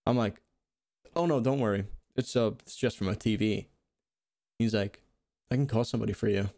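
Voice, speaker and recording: A man's voice: fairly low pitch, fairly even intonation, brisk, gravelly, a little mellow, dry recording, studio quality. A young man telling rambling, self-mocking comic stories in casual talk, laughing at his own jokes. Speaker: storyteller. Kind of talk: casual comedic storytelling.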